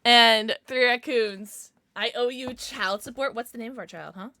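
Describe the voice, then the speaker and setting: With a fairly high, sharp voice and some vocal fry, a young woman chats casually on a home livestream, slight background noise behind her. She gushes bubbly praise at gifts and viewers and shifts quickly from squeals to mumbles.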